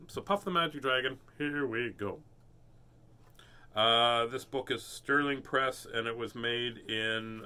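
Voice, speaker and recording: A middle-aged man casually telling a personal story and then reading a picture book aloud, animated and chuckling often. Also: mid-range voice. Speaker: host reading children's books.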